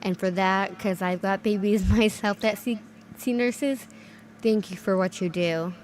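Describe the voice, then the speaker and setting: A woman's voice: mid-range voice, fairly even intonation, slight background noise. A woman speaking casually on a live stream, thanking a viewer, with many fillers. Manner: warm, grateful, halting with fillers. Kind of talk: casual chat.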